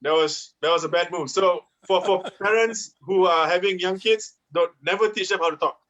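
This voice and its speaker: A man's voice: high-pitched, moderate pace, fairly bright tone, lo-fi sound. A man in his thirties with a Malaysian English accent doing a chatty stand-up comedy set and laughing at his own jokes. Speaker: musical comedian.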